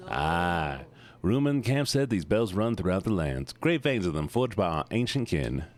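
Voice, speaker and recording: A man's voice: low voice, very animated, moderate pace. A man voicing a weary, pious old bug pilgrim while reading video game dialogue aloud. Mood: solemn.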